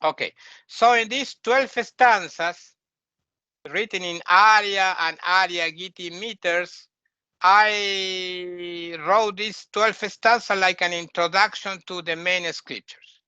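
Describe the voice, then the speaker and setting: A man's voice: sits high, fairly even intonation, slow pace, sharp tone, clear, resonant tone, no echo. A man teaching a lesson, emphatic, repeating and correcting words again and again. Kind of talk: lecture on Sanskrit texts. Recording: dull lo-fi recording.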